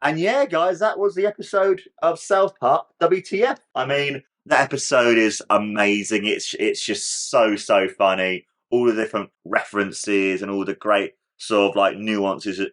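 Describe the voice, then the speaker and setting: A man with a somewhat low voice gives casual reaction commentary as the host of his own channel. He rambles enthusiastically, stringing thoughts together with frequent "like" fillers. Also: unhurried, hardly any pauses, fairly bright tone.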